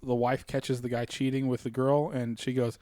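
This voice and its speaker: A man's voice: mid-range voice, level tone, normal speed, dark tone. A man in loose, joking chat as co-host, often trailing off and restarting. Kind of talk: casual comedic chat.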